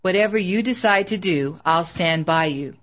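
A narrator doing a worried church manager in an audiobook, cautious and coaxing, trying to smooth things over. The audio is muffled and lo-fi. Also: male voice, high-pitched, moderate pace, natural voice. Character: worried male ministry manager.

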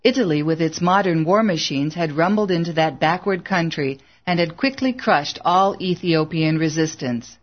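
A woman narrating an audiobook in a measured, earnest way, in a slightly dull lo-fi recording. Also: lowish voice, expressive.

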